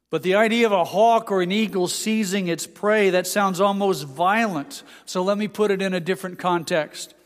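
A pastor giving a sermon, explaining scripture and reading passages aloud. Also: male voice, high-pitched, in a large hall. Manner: expository preaching, reads scripture aloud.

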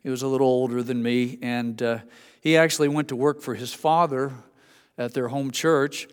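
A man's voice: medium pitch, steady tone, normal speed, clean tone. A man preaching a sermon as a pastor, telling folksy stories between scripture. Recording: long hall reverb.

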